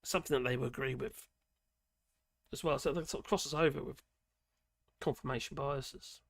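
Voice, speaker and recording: A man giving rambling, opinionated political commentary on a live stream. His voice is hoarse and croaky, and he speaks colloquially with many fillers. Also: mid-range voice, normal speed, a bit bright.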